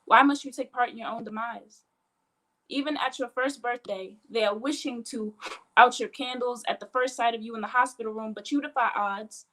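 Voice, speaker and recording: A woman performing a spoken word poem at an online open mic, with a measured, emphatic delivery. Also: a little high, steady tone, fairly bright tone, poor audio. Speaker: poet. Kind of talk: spoken word poetry reading. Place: home, online video call.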